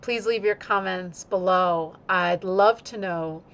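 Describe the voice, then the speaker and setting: Her voice leans low as she guides viewers through an instructional yoga video. The woman keeps her delivery slow and measured, matching it to her breathing.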